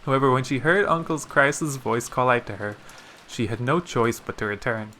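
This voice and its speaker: A man reads a visual novel aloud in a steady storytelling voice. His tone is bright and clear at a middle pitch. He sounds like a let's play narrator. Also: moderate pace, slight background noise.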